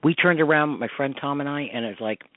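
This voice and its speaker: A man's voice: on the high side, brisk, no echo. A man hosting a call-in radio show, telling long rambling stories full of fillers, over a tinny phone line. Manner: rambling storytelling, many fillers. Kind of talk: casual call-in radio chat.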